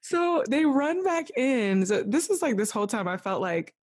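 A woman guest on a podcast telling an emotional personal story in a lively, rambling way, full of "like", acting out what others said. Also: a little high, moderate pace, no room sound. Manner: animated, full of "like", acts out quoted voices. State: tearful at moments.

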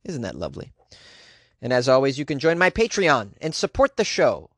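A man hosting a solo podcast from a small closet, rambling and self-mocking, overly caffeinated, with sudden jumps in pitch. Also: wildly swooping pitch, moderate pace, dry recording, clean studio sound. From Boston area. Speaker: podcast host.

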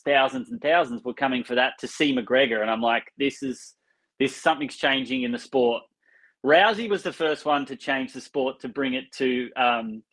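Man, podcast guest, mid pitch, easy chatty delivery. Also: a bit bright, poor audio. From Australia. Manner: conversational, with many fillers. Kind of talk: casual chat.

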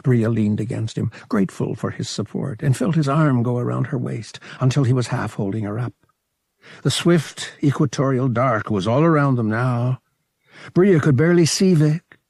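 Gravelly male audiobook narrator. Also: mid-range voice, dry recording, studio quality. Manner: measured, expressive storytelling. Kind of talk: scripted novel narration.

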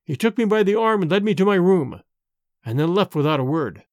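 A man narrating a classic story in an expressive, theatrical reading. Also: sits high, brisk, no room sound, clean studio sound. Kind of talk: audiobook storytelling.

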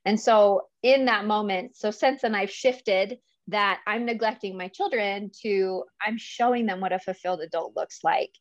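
A woman's voice: medium pitch, moderate pace, hardly any pauses, dry recording, lo-fi sound. A woman speaking as a guest coach in a casual interview, earnest and emotional, often laughing as she talks. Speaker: guest, business coach for mothers.

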